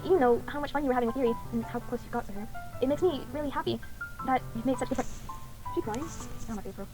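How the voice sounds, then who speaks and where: Casual woman streamer, rapid offhand asides, somewhat high voice. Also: over music, poor audio. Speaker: gameplay streamer. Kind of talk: casual commentary while reading a game aloud.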